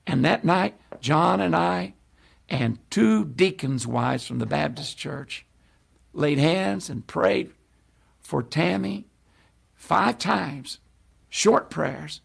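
Gravelly older preacher telling a story. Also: male voice, a little high. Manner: animated storyteller who acts out the people in his tale. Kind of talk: sermon storytelling.

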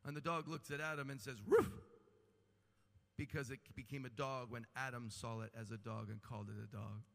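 A man's voice: mid-range voice, flat delivery, quick pace, vocal fry, a bit bright. A man preaching a sermon with impassioned delivery and humorous asides, rising and falling in intensity. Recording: long hall reverb.

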